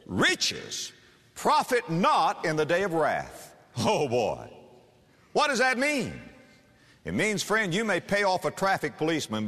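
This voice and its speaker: A man preaching a sermon, emphatic and animated, slowing down for scripture and speeding up to press a point. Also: fairly high pitch, long reverb tail.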